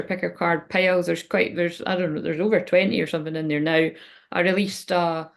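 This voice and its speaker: A woman's voice: lowish voice, creaky. A woman speaking as a spiritual reader in a rambling, frank livestream chat, swearing now and then.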